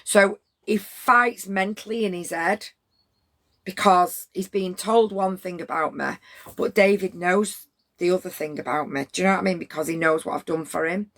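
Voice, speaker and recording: A woman's voice: fairly low pitch, normal speed, a bit bright. A middle-aged woman, telling a story to her livestream chat in a blunt, rambling way with plenty of swearing.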